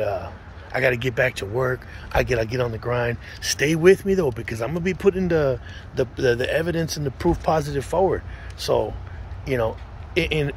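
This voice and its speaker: A man's voice: a little high, slight background noise. Blunt, profane man talking outdoors. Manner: blunt and profane, with restarts and quoted asides. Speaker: vlogger telling his own story. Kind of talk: casual monologue.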